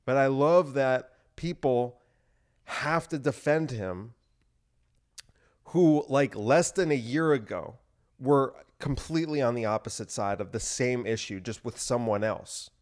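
A man's voice: medium pitch, lively intonation, unhurried. A young man ranting sarcastically in a casual solo podcast, swearing often and using "like" a lot. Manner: ranting, profane, sarcastic, heavy on "like". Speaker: podcast host. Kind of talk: solo rant.

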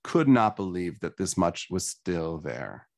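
A man's voice: low voice, big pitch swings, measured pace, darkish tone. A man, a guest, earnestly telling his personal story in a conversation.

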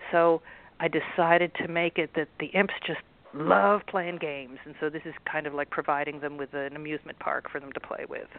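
A male author, a guest on a radio interview, explaining his story and reading from it in a relaxed storytelling way over a tinny phone line. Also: fairly high pitch, moderate pace, creaky.

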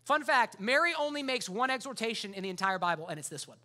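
A man's voice: high-pitched, expressive, quick pace, sharp tone. A man preaching a sermon as pastor, in a casual, conversational way full of fillers.

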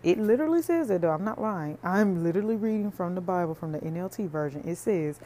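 Woman podcasting about faith, earnest and preachy, lowish mellow voice, faint hiss behind. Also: expressive, fast talker. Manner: earnest, preachy, conversational, addresses listeners as y'all. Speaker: podcast host.

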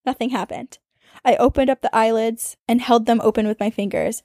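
A woman podcast host reading a listener's ghost story aloud, with dramatic storytelling that speeds up and slows down for suspense. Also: fairly high pitch, steady tone, mellow, dry recording, clean studio sound.

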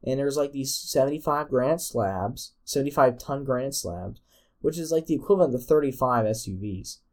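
A man's voice: mid-range voice, expressive, brisk. A man hosting a solo podcast, rambling and joking with many restarts. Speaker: podcast host.

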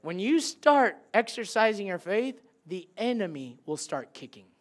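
A man preaching a sermon as a pastor, animated, swinging between loud bursts and hushed, quiet lines. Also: high-pitched, unhurried.

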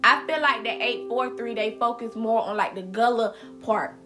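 A woman's voice: on the high side, moderate pace, over music. A woman from South Carolina with a Geechee accent, hosting a casual solo podcast, chatty and emphatic, repeating words and using slang. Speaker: podcast host.

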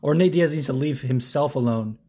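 A man hosting a podcast alone, talking in a rambling, excitable way and swearing freely. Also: medium pitch, brisk, a little hiss or hum. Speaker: podcast host. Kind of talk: casual solo podcast chat.

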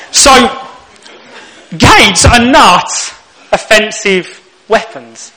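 Bright-voiced young man preaching with humor. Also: fairly high pitch, animated, measured pace, poor audio. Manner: humorous storytelling, acts out lines. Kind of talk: sermon.

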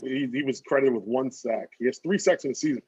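A man's voice: mid-range voice, brisk, a little mellow, slightly rough, no room sound, highs cut off. A man co-hosting a casual sports chat, emphatic and swearing freely as he makes bold predictions. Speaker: podcast co-host.

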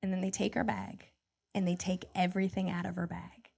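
A woman, performing a lively stand-up comedy set on a club stage with a handheld mic. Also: lowish voice, creaky, husky. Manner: animated, jumps into quoted voices, quick asides.

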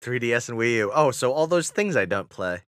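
Young man, podcast co-host, crisp bright tone, casual swearing, reads aloud haltingly. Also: mid-range voice, very animated, dry recording, clean studio sound. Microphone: studio mic.

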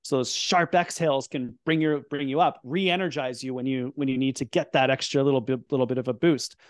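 A middle-aged man speaks as a guest expert in a relaxed podcast chat. His voice sits at an ordinary pitch and is recorded close and dry. He explains things eagerly and gently talks listeners through a breathing count. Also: no echo. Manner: explanatory, upbeat, talks in quick bursts. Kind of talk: casual podcast conversation, guiding a breathing exercise.

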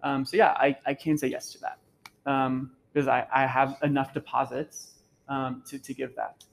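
A man's voice: medium pitch, flat delivery, moderate pace, vocal fry, a little hiss or hum, poor audio. A man speaking as a campus minister, giving a casual faith talk to students in an earnest, personal storytelling way, full of "like" and "um". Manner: conversational, full of "like" and "um" fillers. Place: gathering room at a campus center, live audience.

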